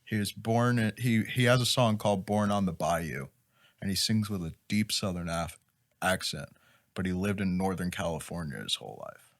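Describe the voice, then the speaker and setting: A man's voice: low voice, moderate pace. A young man in loose, profane, laughing banter on a casual podcast. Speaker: podcast co-host.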